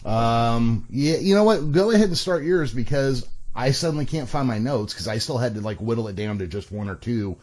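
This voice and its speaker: A man's voice: medium pitch, moderate pace, a little mellow. A man co-hosting a podcast, upbeat and joking as he reads out listener messages. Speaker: podcast co-host. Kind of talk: casual podcast chat.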